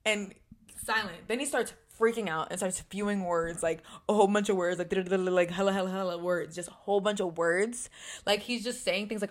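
A woman's voice: mid-range voice, steady tone, a little fast. A young woman, telling a dramatic story with lots of swearing in casual podcast chat. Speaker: podcast co-host.

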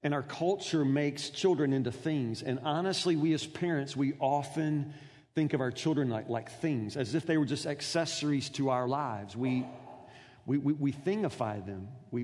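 A man's voice: medium pitch, a little mellow. A man preaching a sermon in an earnest manner, often stammering over repeated words and putting questions to his congregation. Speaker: pastor. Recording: long reverb in a large hall.

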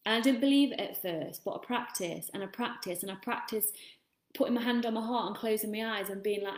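An English self-love coach gives a casual motivational talk in a voice on the high side, going a little fast. She's chatty and rambling and swears freely, and the room is echoey.

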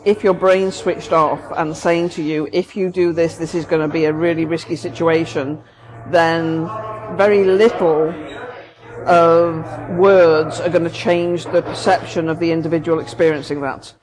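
Thoughtful woman explaining calmly. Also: sits low, unhurried, a crowd in the background, poor audio. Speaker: therapist, podcast co-host. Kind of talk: casual conversation.

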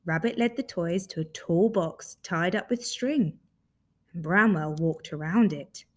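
A woman reading a children's story aloud in a lively, expressive way. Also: on the low side, a little slow.

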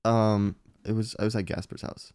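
A man's voice: on the low side, flat delivery, moderate pace, a little mellow, slight background noise. A young man co-hosting a podcast in casual chat, laid-back and joking, swearing freely. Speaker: podcast co-host.

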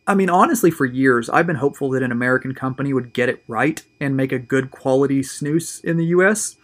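A man with an ordinary, mid-pitched voice hosts his own video show in a relaxed, chatty monologue. He sounds upbeat and eager and often stumbles and repeats words as he talks. The delivery is casual and unscripted. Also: brisk. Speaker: host of a tobacco review show.

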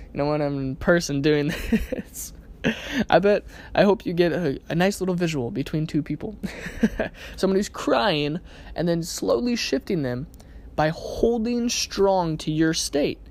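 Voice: medium pitch, lively intonation, moderate pace, darkish tone. A podcast host giving a casual self-help monologue in a conversational way, often checking in with the listener by asking "right?" and laughing now and then.

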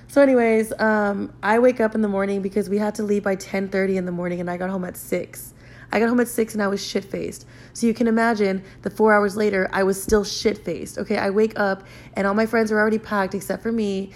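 A woman's voice: medium pitch, fairly even intonation, quick pace. A young woman in a mid-range voice tells a story casually, swearing freely and leaning on "like" as she rambles. She talks like a podcast host chatting with her listeners. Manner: profane, rambling, heavy use of "like".

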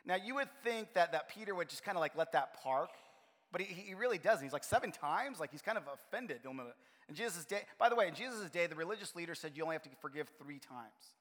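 A man preaching a sermon in a relaxed, conversational way, often restarting his phrases. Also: a little high, quick pace. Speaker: pastor. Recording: reverberant hall.

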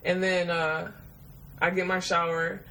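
A woman's voice: lowish voice, flat delivery, unhurried, a bit bright, low-quality recording. Profane, laughing woman telling a story. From Detroit, USA. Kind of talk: casual storytelling.

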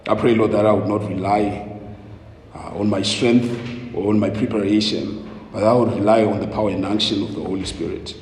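A male preacher praying and opening a sermon in a solemn, deliberate manner. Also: on the low side, fairly even intonation, a little mellow, slight background noise. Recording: echoey hall with long reverb.

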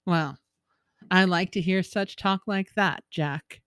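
A woman's voice: on the low side, slow, a bit bright, clean tone, dry recording, clean studio sound. A woman voicing an old male merrow, a jovial and sly sea creature, in a folktale reading with coaxing, teasing banter.

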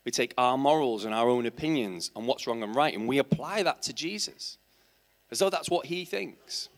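A man's voice: mid-range voice, expressive, moderate pace. A man preaching a sermon in church, asking his congregation rhetorical questions and building to emphatic, passionate points. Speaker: teacher.

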